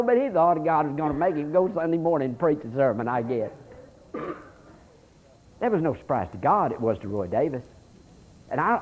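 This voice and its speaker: Male pastor, high voice with a very lively pitch, animated sermon full of folksy stories. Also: rough recording. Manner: animated preaching with folksy stories and read-aloud scripture.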